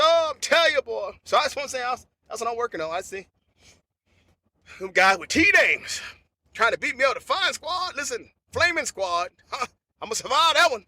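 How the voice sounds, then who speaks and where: Comic host man, very high and sharp voice, loose rambling slang riffs. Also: no echo. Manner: rambling, repetitive slangy storytelling. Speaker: podcast host. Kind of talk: unedited comedic monologue.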